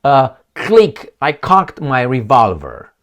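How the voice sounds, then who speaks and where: A man voicing a frightened woman who defends herself with a pistol, in a high, insistent tone. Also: wildly swooping pitch, slow, a bit bright, full character voice. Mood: defiant.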